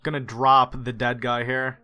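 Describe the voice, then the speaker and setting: A tabletop player with a bright, forward voice describes his character's moves with quick laughs. Faint music sits under the talk. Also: medium pitch, clean tone. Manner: laughing, animated. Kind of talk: tabletop role-play.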